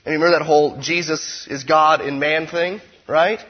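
Male pastor, husky and fairly high, conversational preaching style, loud-to-hushed swings, dull lo-fi sound. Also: steady tone, normal speed. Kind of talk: sermon.

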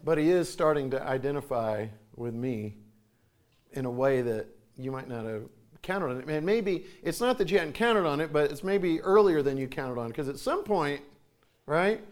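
A man in his forties from the United States, talking casually about parenting, with many restarts and clearings of his throat. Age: 40s. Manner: conversational storytelling, acts out quoted voices with sharp pitch jumps.

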